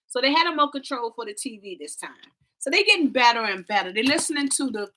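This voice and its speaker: Female vlog co-host, dramatic storyteller, bright tone. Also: on the high side, fast. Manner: animated, dramatic storytelling with y'all and quoted voices. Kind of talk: casual travel storytelling.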